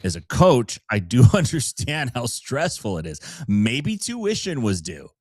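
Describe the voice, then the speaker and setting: A man's voice: medium pitch, huge pitch swings, a little slow, a little mellow, no echo. A man co-hosting a grappling podcast as a coach, chatting casually and wryly with laughs mixed in. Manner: wry, joking, laughs while talking. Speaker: podcast co-host and jiu-jitsu coach.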